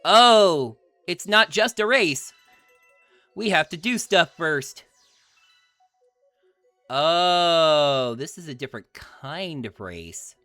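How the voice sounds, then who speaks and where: A man's voice: a little high, expressive, slow pace, pauses often, sharp tone, dry recording, faint music behind. A man streaming a video game, chatting playfully with his chat and laughing often. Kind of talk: let's-play commentary.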